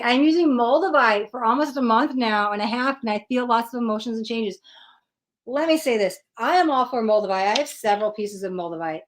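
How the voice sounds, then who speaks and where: A woman hosting a livestream tarot session, giving earnest spiritual advice in a casual chat style and often checking in with "right?". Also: on the high side.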